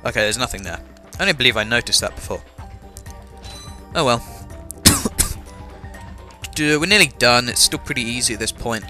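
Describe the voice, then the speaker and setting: A young man from England narrates his gameplay in an animated, bright, forceful medium-pitched voice, moderately paced and pausing often. He has a slight cough and an English accent, and his chatter is self-mocking and filled with fillers, with game music in the background.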